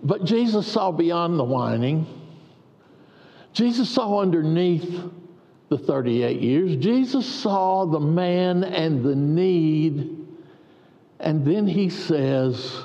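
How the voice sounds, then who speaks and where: Pastor, higher man's voice, slow folksy sermon delivery, dull echoey hall. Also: lively intonation, dark tone. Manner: storytelling, folksy, with long pauses.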